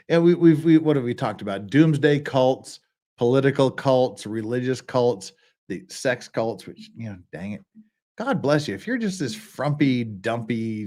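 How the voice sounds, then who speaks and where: A man's voice: mid-range voice, darkish tone. A man hosting a casual live stream, rambling and joking with many restarts and asides. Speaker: streamer host. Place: lives in Korea.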